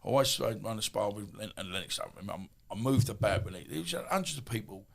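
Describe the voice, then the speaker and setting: A man in his fifties with an Essex accent, telling stories as a podcast guest in a rambling, animated way with many asides. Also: fairly low pitch, fast, gravelly. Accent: Essex English. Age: 50s. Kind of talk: casual storytelling.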